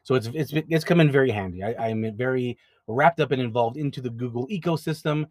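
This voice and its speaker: A man's voice: medium pitch, brisk, a little mellow, dry recording. A man hosting an advice podcast, talking casually and directly, often repeating words as he explains. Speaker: podcast host, notary signing agent business owner.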